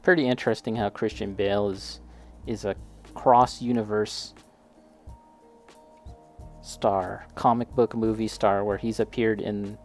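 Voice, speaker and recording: A man's voice: lowish voice, fairly even intonation, unhurried, long pauses, faint music behind. A man chatting casually while building a model kit, talking straight to a friend and laughing often.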